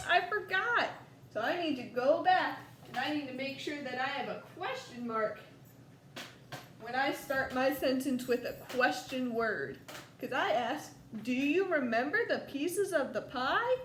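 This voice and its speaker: A woman with a Southern US accent teaching a first grade lesson, slow and coaxing, stretching words out for young children. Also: high voice. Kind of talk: recorded distance-learning lesson for young children. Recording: echoey room, faint background noise.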